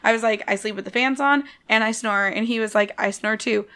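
With a brisk pace and a voice on the high side, this young podcast co-host chats casually. She's an animated storyteller who imitates the people in her stories and laughs a lot.

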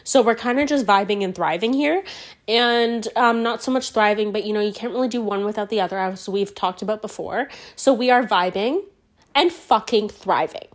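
A woman hosting a solo podcast, hoarse from a cold, talking in a rambling, profane and playfully sassy way. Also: on the high side, moderate pace. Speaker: podcast host.

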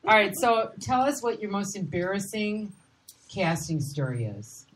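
A woman hosts a relaxed chat and steers it with quick, playful prompts. She talks at an everyday, mid-range pitch. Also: slight background noise, rough recording. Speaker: interviewer. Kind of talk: casual chat.

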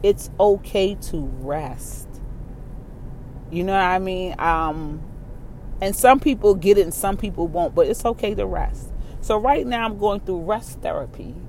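A person with a Baltimore and New York mixed accent rambles through a casual solo monologue. The talk is candid and full of swearing, broken up by laughs and repeated phrases. A faint background hiss sits under the voice at a middle pitch. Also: a little slow, darkish tone. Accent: Baltimore and New York blend. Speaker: solo vlogger.

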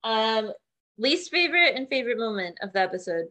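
A woman's voice: a little high, sing-song, a little fast, bright, forceful tone. A young woman co-hosting a casual chat podcast, wry and teasing, steering the talk from one topic to the next. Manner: wry, leads the segments, dry teasing. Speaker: podcast co-host.

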